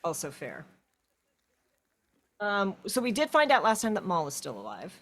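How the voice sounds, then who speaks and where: This is a woman co-hosting a game stream, chatty and animated as she tells stories between moves. Her voice sits at an ordinary middle pitch. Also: moderate pace. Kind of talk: casual chat while playing.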